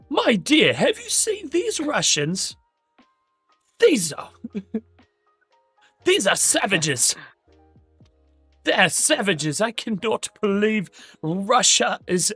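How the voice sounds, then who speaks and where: A man putting on a shrill falsetto voice as a prim, easily offended posh lady with a put-on accent. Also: very animated, drawn-out words, pauses often, fairly bright tone, breathy edge, no room sound, faint music behind, full character voice. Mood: scandalized.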